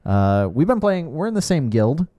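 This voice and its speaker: A man's voice: on the high side, sing-song, moderate pace, mellow, dry recording. A man casually talking through a video game as co-host, good-humored and loose, often restarting his sentences. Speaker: co-host showing gameplay. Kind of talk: casual gameplay commentary.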